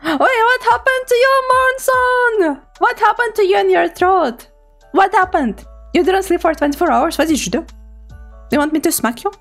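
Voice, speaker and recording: Giggly high-voiced woman streamer. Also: normal speed, vocal fry, a bit bright, soft background music. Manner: giggly, laughs often, playful. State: hoarse throat. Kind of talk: casual chat with live chat.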